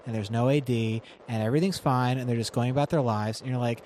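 A man's voice: medium pitch, fast talker, a little mellow. A man in the middle of his range chats through a TV recap on a podcast, loose and talkative and sprinkling in fillers. A faint hiss sits under his voice. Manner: chatty, laughs often, many fillers. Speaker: podcast co-host. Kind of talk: casual TV recap chat.

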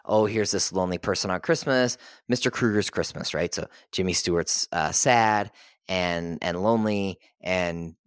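A man with a fairly low voice talks in easy podcast chat and gets animated as he retells scenes. He jumps into quick voices for the characters he quotes. The sound is dry and close, with no room around it. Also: clear, resonant tone, dry recording. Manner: animated storytelling, acts out characters' lines. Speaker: podcast host. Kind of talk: casual chat.

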